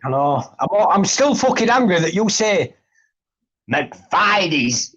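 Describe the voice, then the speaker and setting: A man's voice: high voice, very animated, slow pace, a bit bright. A man chatting on a live stream, blunt, sweary and grumbling. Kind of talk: casual live chat. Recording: dull lo-fi stream audio.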